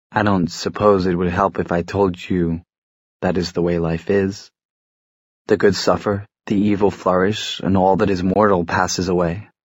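A man's voice: low-pitched, no room sound, dull audio. A man voicing a dry, weary male warlock in an audiobook, speaking bitterly and drily.

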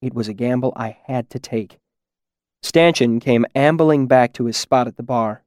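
A man narrating a first-person fantasy audiobook in a measured, reflective way. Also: medium pitch, a little mellow, no room sound, studio quality.

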